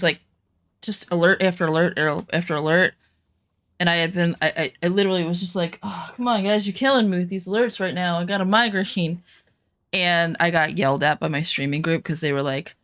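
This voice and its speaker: A woman's voice: on the low side, fairly bright tone. A woman chatting casually to her viewers while streaming a survival game, rambling with lots of fillers. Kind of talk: casual gaming stream chat.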